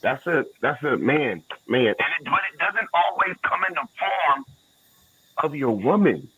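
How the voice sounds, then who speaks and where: A man's voice: a little high, very animated, unhurried, bright, forceful tone, husky. A man co-hosting a relationship podcast, speaking in an earnest, reflective way. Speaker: podcast co-host. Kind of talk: casual chat. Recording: dry, slightly dull audio.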